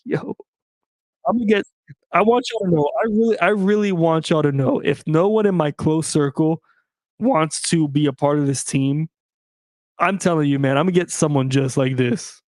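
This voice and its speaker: Here a male podcast host covers sports solo, kidding around with his listeners and speaking to them in casual slang. His pitch is fairly high and his tone darkish, at a moderate pace. Clean, dry studio sound.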